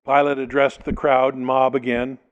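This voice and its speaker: A man's voice: mid-range voice, little pitch movement, normal speed, clear, resonant tone, dull audio. A male pastor preaching a sermon, reading a passage aloud and explaining it, sometimes acting out the people in it. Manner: expository preaching, reads scripture then explains it, dramatizes quotes.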